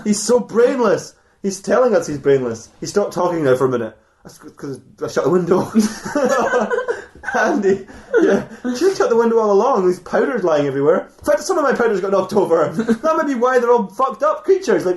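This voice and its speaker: A man's voice: high-pitched, big pitch swings, a little fast, darkish tone, echoey room. A man hosting a comedy podcast, rambling through an improvised story with crude jokes. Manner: rambling, laughing, playfully crude. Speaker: podcast host.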